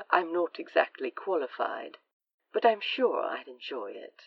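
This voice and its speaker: A woman voicing a gentle, affectionate man who speaks softly and coaxingly, at times in a whisper, in a fan audio drama. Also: deep voice, creaky, slightly rough, dry recording, far from the mic, highs cut off, exaggerated voice. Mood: cheerful. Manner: soft, tender, sometimes whispered.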